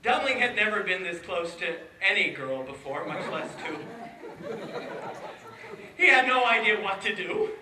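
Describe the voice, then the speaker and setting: Playful, high-voiced male storyteller. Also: measured pace, long pauses, over a noisy crowd, very noisy. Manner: playful, animated, with asides to the audience. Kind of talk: live folk-tale storytelling. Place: indoor room with a live audience. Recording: echoey room from far off.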